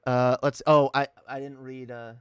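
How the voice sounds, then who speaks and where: A man's voice: medium pitch, level tone, moderate pace, a bit bright, clear, resonant tone, no echo, clean studio sound. A man giving casual, profane reaction commentary on a video, incredulous and rambling. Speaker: commentary streamer.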